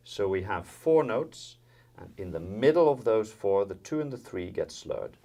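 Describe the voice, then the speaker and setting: A man's voice: lowish voice, very animated, unhurried, vocal fry, mellow. A man from the Netherlands giving a jazz violin lesson, explaining step by step with frequent fillers and counting in. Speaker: violin teacher. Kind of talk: instructional music lesson. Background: violin and guitar playing.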